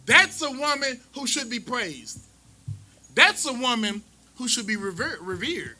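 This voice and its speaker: A man's voice: extremely high pitch, sing-song, measured pace, bright, forceful tone, poor audio. A man teaching scripture to a class in a preachy, mocking, conversational way. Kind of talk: street-style scripture teaching.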